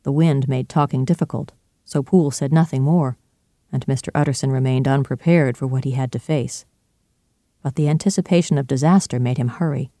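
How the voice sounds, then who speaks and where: A man narrating a classic novel in a clear, steady storytelling style. His voice is mellow and dark, and the recording is dry and close. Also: medium pitch, fairly quick, no room sound. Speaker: audiobook narrator. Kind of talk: scripted narration.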